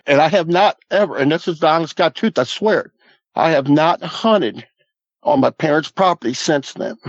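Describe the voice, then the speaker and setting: Man, fifties, slightly high voice, earnest folksy storyteller, dry lo-fi audio. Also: normal speed, no echo. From Southwest Missouri Ozarks. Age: 50s. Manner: earnest, folksy, repeats "I said" and "he goes". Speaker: guest. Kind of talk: recounting a personal encounter.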